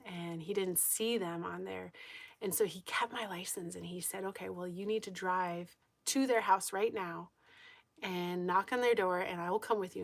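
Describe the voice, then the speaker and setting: A woman hosting a homestead live stream, telling a story in casual chat, animated, laughing often and acting out what people said. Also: medium pitch, dry recording. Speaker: homestead channel host. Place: at home.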